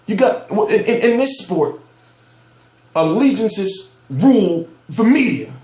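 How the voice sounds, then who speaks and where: A man rants about boxing in a heated, profane vlog, hammering his points home. His voice sits somewhat high and sounds amped up. The room around him echoes. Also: lively intonation, slow pace, dark tone. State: amped up on soda. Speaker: boxing news commentator. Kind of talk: ranting vlog commentary.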